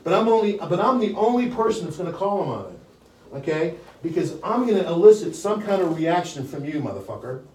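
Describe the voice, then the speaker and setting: A man's voice: sits high, sing-song, a little fast, darkish tone. An older man leading a live sales training, brash and blunt, with frequent profanity. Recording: echoey room, distant mic.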